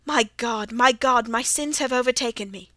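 A fierce, quick-tempered old colonel, as a woman narrator puts him on, gruff and commanding, in a storybook reading. The voice sits fairly high and sounds close and dry. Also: steady tone, bright, forceful tone, no room sound. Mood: terrified.

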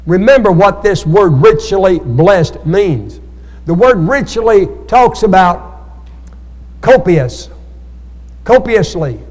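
Speaking slowly and pausing often, this pastor has a high, darkish voice full of lively intonation. He leads a Bible study sermon in a church hall, trading call-and-response with the congregation and asking for amens, with the room's echo clearly audible.

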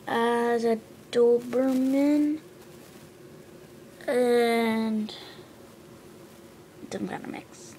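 A woman showing her drawings in a casual show-and-tell, hesitant, with lots of ums and quick self-corrections. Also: a little high, slight background noise.

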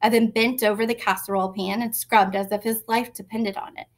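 Woman reader, lively storybook narration, slightly high voice. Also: fairly quick.

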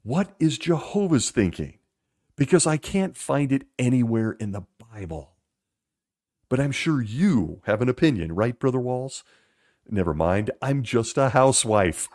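Sarcastic man with a lively voice. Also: medium pitch, unhurried. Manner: sarcastic, mocking. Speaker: podcast host. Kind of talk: critical commentary.

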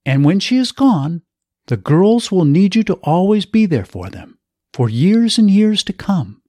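A man's voice: very animated, a little slow, mellow, no echo, exaggerated voice. A man doing a firm, wise older woman. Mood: imploring. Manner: pleading, firm, raised pitch.

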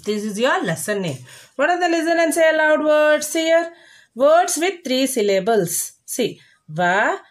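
A high-pitched woman takes a primary class through a reading lesson. She keeps calling the children by name and slows right down to spell out words letter by letter. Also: roomy sound. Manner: spells out words letter by letter, stretches syllables slowly; repeats "children" and "see", coaxing. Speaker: primary school teacher.

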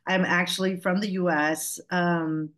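A woman's voice: on the low side, flat delivery, unhurried, fairly bright tone. Playful Southern woman on a video call. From Georgia, US South. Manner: chatty, playful, self-joking. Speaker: guest speaker. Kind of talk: webinar presentation.

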